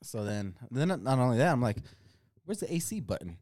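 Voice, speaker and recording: A young man co-hosting a podcast, telling stories in a laid-back, swearing style that grows loud when he is indignant. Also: medium pitch, sing-song, brisk, no echo, clean studio sound. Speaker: podcast co-host. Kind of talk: casual chat.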